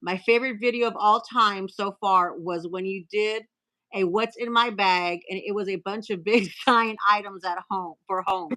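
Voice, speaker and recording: Bright-voiced chatty woman host. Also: medium pitch, fairly even intonation, rough recording. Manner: chatty, reads cards aloud with filler pauses and restarts. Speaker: host of a live stream. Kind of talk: casual live-stream chat, reading messages aloud.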